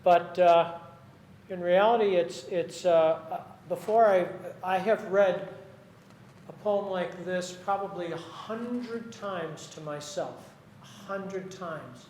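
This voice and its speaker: A poet talking with his audience after a reading, his voice sitting high for a man. He rambles in a friendly, halting way, restarting sentences as he goes. The room rings with echo and a faint hum lies behind him. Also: a little mellow.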